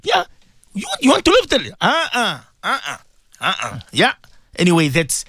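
High-voiced man preaching on radio. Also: a bit bright, no echo, clean studio sound. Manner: exhorting, repetitive, addresses listeners directly. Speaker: radio presenter giving religious advice.

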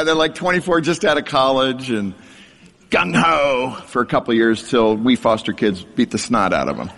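A man's voice: a little high, creaky, a bit bright, big-room sound. Man telling his story with dry humor. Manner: wry self-deprecating humor. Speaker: speaker sharing his testimony. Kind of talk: humorous personal storytelling sermon.

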